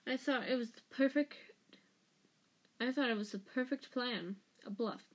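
A woman's voice: fairly high pitch, normal speed, lightly acted. A woman voicing a bitter, menacing escaped male prisoner who growls and hisses his words venomously.

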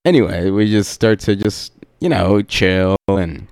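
A man's voice: fairly low pitch, unhurried, few pauses, darkish tone, clear, resonant tone, no echo, soft background music. A young man hosting a podcast, telling a rambling story in a laid-back, profane way with lots of fillers. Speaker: podcast host.

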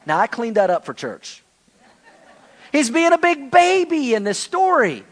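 Brief: man pastor, animated conversational sermon, high voice. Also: unhurried.

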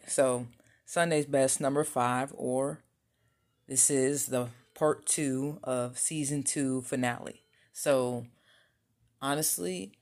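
A young woman hosting her own podcast, talking in a reflective, rambling way full of fillers and restarts. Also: extremely low pitch. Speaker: podcast host. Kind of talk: casual solo podcast talk.

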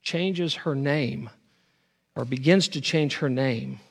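A man's voice: medium pitch, slow pace, gravelly, husky. A man preaching a sermon as pastor, earnest, often stumbling over and repeating his words.

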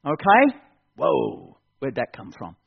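A man's voice: fairly high pitch, animated, unhurried, husky. A man preaching a fervent evening sermon at a church service, building to urgent appeals and repeating his key phrases. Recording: dull lo-fi sound.

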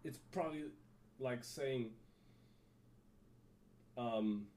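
A man's voice: mid-range voice, extremely slow, darkish tone. A man hosting a solo podcast, rambling casually with frequent restarts and little laughs. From Germany. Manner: rambling, self-correcting, laughs to himself. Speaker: podcast host.

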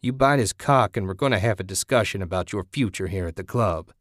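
Man doing a gruff club boss, sleazy, bossy, low voice, dry close sound. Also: a little fast, a bit bright, no echo, natural voice. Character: leering crude male club owner.

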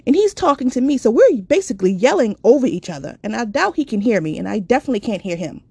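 A woman's voice: fairly high pitch, sing-song, fast, gravelly, few pauses, darkish tone, breathy edge, dry recording. A woman telling a personal story in a raw, candid and profane way.

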